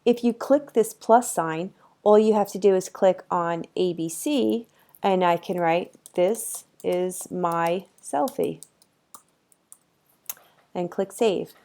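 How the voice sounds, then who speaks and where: A woman's voice: on the low side, slow, warm tone. A woman instructor giving a casual, chatty screen-recorded tutorial for her course, talking easygoing with frequent ums, on a computer microphone.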